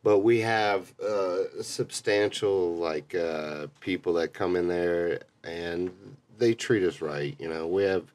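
A man's voice: low voice, slow, few pauses, a little mellow. A man in his twenties, a bar manager guest on a podcast, chatting in an easygoing, profane way and slipping into mocking voices. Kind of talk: casual chat.

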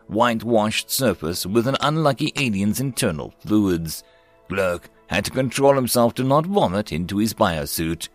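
A man narrating science fiction stories in an expressive, varied storytelling manner. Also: on the low side.

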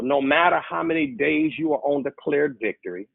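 A man preaching a sermon as pastor, who repeats and stumbles over his words and then builds to excited preaching. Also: fairly high pitch, normal speed, creaky, hardly any pauses, slightly rough, no echo. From California. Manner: repetitive stammering, rising to excited preaching. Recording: tinny phone-line sound.

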